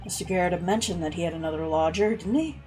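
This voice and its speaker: A woman's voice: lowish voice, quick pace, mellow, soft background music, voice pushed down, lightly acted, low-quality recording. A woman voicing an earnest young male lawyer who asks questions. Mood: inquiring.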